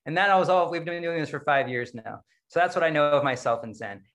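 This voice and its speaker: A man's voice: fairly high pitch, expressive, a little fast, fairly bright tone. A man who leads a Zen practice group, giving a casual dharma talk to an online group, chatty and self-deprecating with frequent laughter.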